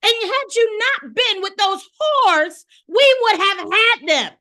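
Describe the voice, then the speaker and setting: A woman performing a monologue over a video call as a betrayed, bitter wife accusing her unfaithful husband, her delivery raw and swinging between quiet and shouting. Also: extremely high pitch, lively intonation, slow, full character voice. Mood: grieving, vengeful. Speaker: acting student performing a monologue. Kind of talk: dramatic film monologue performance. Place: home via video call. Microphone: video call microphone.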